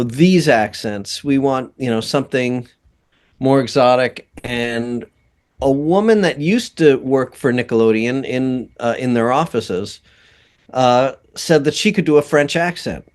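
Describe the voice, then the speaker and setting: A man's voice: mid-range voice, clean tone. A man being interviewed as a guest composer and voice actor, chatting casually with a rambling delivery and frequent laughs. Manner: slow, rambling, laughs often.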